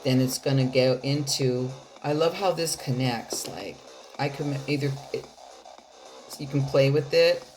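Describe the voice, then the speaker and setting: A woman's voice: extremely low pitch, a little slow, darkish tone, faint music behind. A woman giving a casual tarot reading straight to her viewers, chatty and loose, swearing now and then and laughing often. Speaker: tarot card reader.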